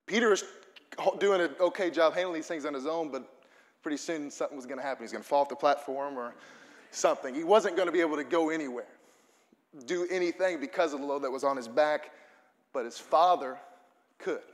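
A man's voice: on the high side, brisk, in a large hall. A man preaching a sermon to his congregation, earnest and building to fervent emphasis. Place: church auditorium.

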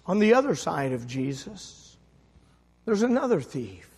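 A man preaching a sermon, telling a story quietly and then rising into shouted appeals. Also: a little high, animated, unhurried, husky. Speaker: pastor. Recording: long hall reverb.

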